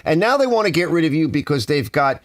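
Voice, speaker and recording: Man, from the US, ranting, exasperated, lively swings in pitch, dry studio sound. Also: fast, no room sound. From United States. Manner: exasperated, animated complaining with softened swearing. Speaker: channel host. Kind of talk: ranting casual monologue. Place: home garage studio.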